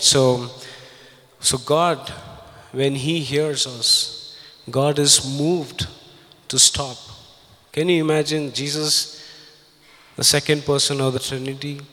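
A man preaching a sermon and reading scripture aloud, speaking in a halting way with fillers and repeated phrases. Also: medium pitch, pushed and bright. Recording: long hall reverb.

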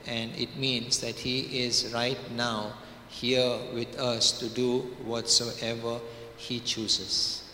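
A man's voice: medium pitch, bright, forceful tone, a little hiss or hum. A man preaching a sermon, emphatic, repeating phrases and drawing out key words. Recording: echoey hall.

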